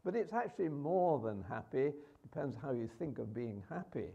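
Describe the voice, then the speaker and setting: A male preacher delivers a sermon in a relaxed, conversational way, often asking his listeners rhetorical questions. His voice is very gravelly and husky, with a dark, mellow tone. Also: medium pitch, normal speed, highs cut off.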